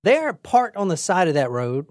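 Lively casual woman telling a crime story. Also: lowish voice, moderate pace, no room sound, studio quality. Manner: lively, swearing, laughs often, acts out quotes. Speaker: podcast host.

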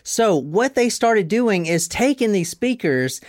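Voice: mid-range voice, big pitch swings, takes it slowly, darkish tone, no echo. Dry, close voice of a casual storytelling host. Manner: storytelling, emphatic, casual with profanity. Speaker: podcast host. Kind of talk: casual explainer talk.

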